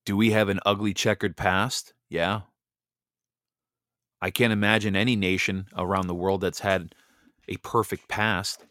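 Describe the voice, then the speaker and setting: A man's voice: sits low, little pitch movement, a little slow, long pauses, fairly bright tone, no echo, clean studio sound. A man hosting a Bible reading show, delivering a heated, blunt monologue and stumbling over repeated words when he gets worked up. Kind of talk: impassioned political monologue.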